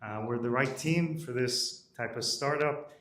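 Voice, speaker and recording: Founder pitching in a roomy hall. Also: male voice, fairly bright tone. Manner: brisk, matter-of-fact, frequent "uh" fillers. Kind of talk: live startup pitch. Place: event room at a pitch night. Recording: roomy audio from a distance.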